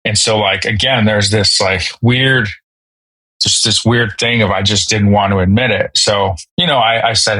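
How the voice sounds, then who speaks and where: A man in his thirties, a podcast guest telling a personal story in a halting, emotional way with many fillers and restarts. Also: lowish voice, fairly even intonation, sharp tone, no echo, rough recording. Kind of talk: candid storytelling.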